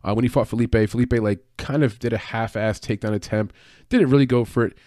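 Fast-talking man breaking down fight picks. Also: medium pitch, a little mellow, dry recording. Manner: fast, chatty, with fillers and self-corrections. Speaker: MMA betting podcast host. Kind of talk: casual fight-pick analysis.

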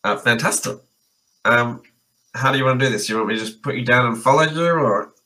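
A man's voice: medium pitch, fairly quick, sharp tone, rough recording. A man playing a tabletop game, talking in a hesitant, playful way with many fillers. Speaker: player.

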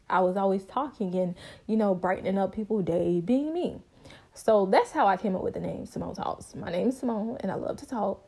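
A woman's voice: brisk, creaky, husky. Bubbly talkative young woman podcaster. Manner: bubbly, talkative, expressive with sudden high pitch jumps. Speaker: podcast host. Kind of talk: casual storytelling monologue.

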